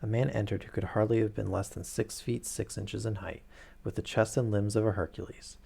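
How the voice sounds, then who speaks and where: Gravelly man reading a story aloud. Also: on the low side, fairly even intonation, a little fast, dark tone. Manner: stumbles and corrects himself, adds asides. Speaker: streamer reading a book aloud. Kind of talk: casual read-aloud narration.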